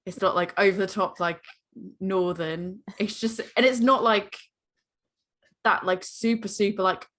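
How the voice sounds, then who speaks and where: A woman's voice: mid-range voice, fairly even intonation, unhurried, fairly bright tone. Casting: American woman, podcast co-host, loose rambling chatter, mid-range voice. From United States. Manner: rambling, heavy use of "like". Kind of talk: casual chat.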